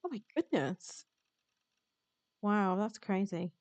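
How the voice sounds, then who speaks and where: A woman VTuber reading a visual novel aloud on stream, chatty and quick to laugh. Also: medium pitch, expressive, darkish tone, dry recording. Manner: chatty, reads game text aloud, laughs often. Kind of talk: live-streamed visual novel read-along.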